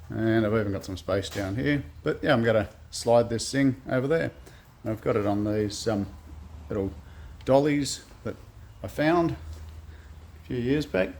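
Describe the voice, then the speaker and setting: In his home workshop shed, an Australian man vlogs casually about the truck he's building, rambling in a relaxed, self-deprecating way. He's a custom car builder with a mid-range, darkish voice.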